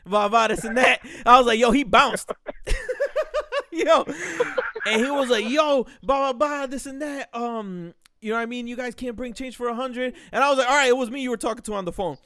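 Young guy w new telling a story, kinda high voice, dry room, loud and swearing a lot. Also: moderate pace, no room sound. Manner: animated, profane, acts out quotes loudly. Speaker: podcast host. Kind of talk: casual storytelling.

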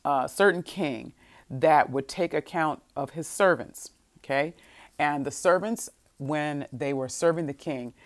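A low-voiced woman preaches a sermon to her congregation. She reads scripture slowly and deliberately, then moves from quiet reflection into emphatic, rising bursts, her expressive delivery shifting between soft and forceful.

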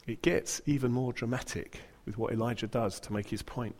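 A man's voice: mid-range voice, a little fast, darkish tone, big-room sound. A man preaching a sermon, retelling a story with dramatic, humorous flair.

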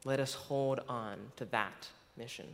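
A man's voice: medium pitch, unhurried, a bit bright. Man preaching in a reverberant church. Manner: stumbles over words, laughs at himself. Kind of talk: sermon. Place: church sanctuary. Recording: long hall reverb.

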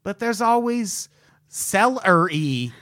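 A man who is a comedian, guesting on a casual podcast, sarcastic and deadpan with lots of swearing. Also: high-pitched, takes it slowly, no room sound, studio quality.

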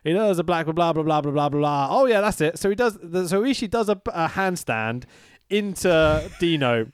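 A man in his thirties chats on a podcast with a high, bouncing voice. He laughs often and swears freely as he retells a story. The sound is dry and close on the mic. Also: expressive, normal speed, clear, resonant tone, no room sound. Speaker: podcast co-host. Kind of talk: casual wrestling podcast chat.

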